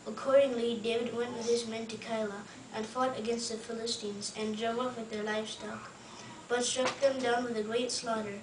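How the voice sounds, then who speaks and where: A woman reading scripture aloud in a steady, fluent way, as a student reader. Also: a little high, normal speed, crowd noise. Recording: roomy, distant mic, faint ambience.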